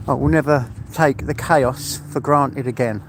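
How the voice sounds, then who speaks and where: A man's voice: mid-range voice, background noise. An older man, chatting casually and heartfelt on a live stream, rambling and laughing often. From England.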